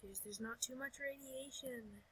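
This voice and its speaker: A woman's voice: high-pitched, normal speed, fairly bright tone, a little hiss or hum, poor audio. A woman giving casual, playful commentary over her gameplay, talking to herself and dropping whispered asides.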